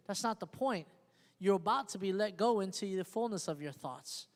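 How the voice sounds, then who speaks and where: A pastor preaches a sermon emphatically, repeatedly asking the congregation whether they hear him. His voice sits high and moves at a moderate pace. A long hall reverb surrounds him, with soft guitar playing behind.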